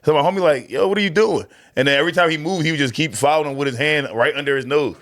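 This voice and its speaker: A young man from Philadelphia tells stories on a podcast in a somewhat high voice. He talks in an animated way and laughs often as he goes. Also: racing. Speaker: guest comedian. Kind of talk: casual podcast storytelling.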